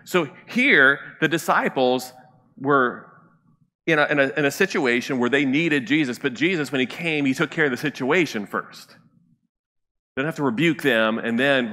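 A male pastor delivering a sermon, his bright, forceful voice carrying through a church sanctuary with a long reverb. He talks in a loose, conversational way, often turning to the congregation with a quick question. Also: mid-range voice.

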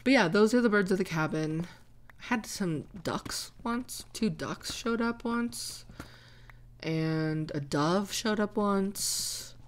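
A young woman chatting casually and rambling as she answers viewer comments, laughing often. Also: mid-range voice. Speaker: gaming channel host.

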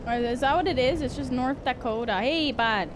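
A woman from Canada streaming a video game live, giggling, chatting with viewers and reacting loudly to the gameplay. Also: sits high, fairly quick, noisy background.

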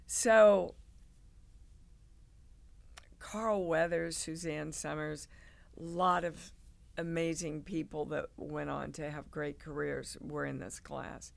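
A woman, a guest on an interview show, telling stories in an animated way and acting out the people in them. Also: deep voice, slow pace, vocal fry, long pauses. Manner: animated, acts out quoted people. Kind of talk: casual interview storytelling.

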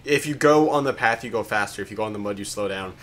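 A man's voice: lowish voice, fast, a bit bright, a little hiss or hum. A man hosting a let's play, giving casual gameplay commentary with a wry, sarcastic, swearing manner.

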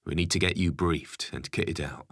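A man playing a brisk detective. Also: deep voice, fairly bright tone, breathy edge, no room sound, clean studio sound. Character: brisk male detective, hurried and polite.

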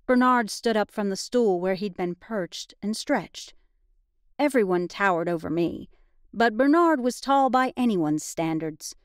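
A woman's voice: mid-range voice, expressive, unhurried, clean tone, dry recording. Woman narrating a cozy mystery, dry close sound. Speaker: audiobook narrator. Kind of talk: scripted first-person narration.

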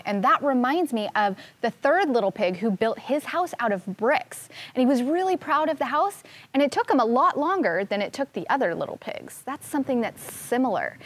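A woman teaching first grade, reading a picture book aloud in a slow, expressive way and asking the children questions. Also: a little high.

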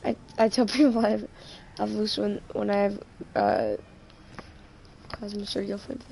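A woman's voice: medium pitch, sing-song, moderate pace, gravelly, warm tone, slight background noise. A woman streaming a game live, chatting casually and joking, often trailing off mid-sentence.

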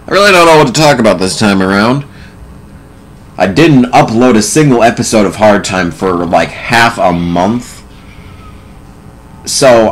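A young man giving casual, profane gameplay commentary, sarcastic and prone to loud outbursts. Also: on the low side, low-quality recording. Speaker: let's play commentator.

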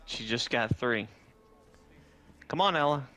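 A man co-streaming a video game in casual chat, animated and swearing freely as he talks to his party. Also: on the low side, moderate pace, slight background noise.

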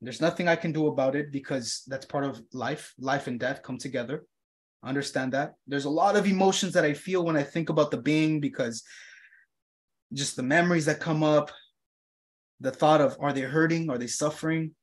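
A man's voice: a little high, moderate pace. A man giving a reflective motivational talk, earnest and profane, acting out his own inner dialogue. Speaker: motivational speaker.

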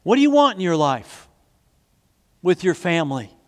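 A man's voice: sits high, sing-song, normal speed, a little mellow. A man preaching a sermon as pastor, telling stories earnestly and asking the congregation questions. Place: church sanctuary. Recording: long hall reverb.

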